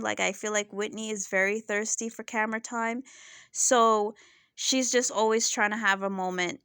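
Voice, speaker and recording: A woman's voice: on the high side, fairly bright tone, clean tone, dry recording. A young woman giving casual, opinionated commentary in a vlog, chatty and exasperated, with lots of fillers. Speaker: reality TV reviewer.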